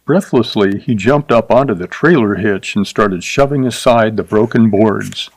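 A man narrating a short story in a measured, even reading voice. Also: on the low side, dry recording.

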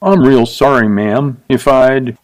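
A man's voice: medium pitch, slow pace, darkish tone, dry recording, natural voice. A male narrator voicing a young cowboy who talks meekly and apologetically in a storybook reading. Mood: apologetic. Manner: apologetic, pleading.

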